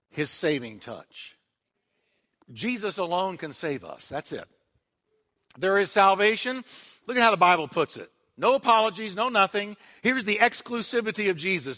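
Male pastor, dramatic sermon delivery with call-and-response; high, bright voice, big reverberant hall. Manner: dramatic preaching, dropping to a hush on quiet words; leads the congregation in call-and-response.

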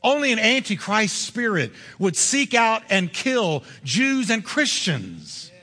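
A man preaching a sermon as pastor, driving points home with repetition and slowing down on key words. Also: high-pitched, very animated, pushed and bright, in a large hall.

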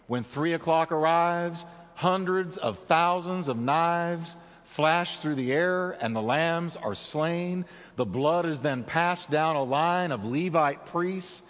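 A male pastor with a slightly high voice preaches an animated, dramatic sermon, swinging widely in pitch and slowing down for emphasis. A long hall reverb surrounds his voice.

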